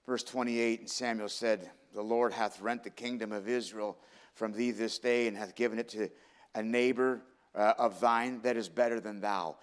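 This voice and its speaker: A man's voice: on the low side, steady tone, normal speed. A man preaching a sermon in an earnest, heartfelt way. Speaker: pastor.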